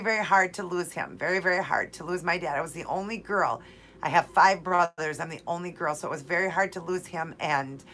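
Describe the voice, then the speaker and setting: A woman's voice: lowish voice, a bit bright. A woman in her forties hosting a live question-and-answer stream, speaking straight to her viewers in a heartfelt, repetitive way. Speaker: host of a live keto Q&A stream.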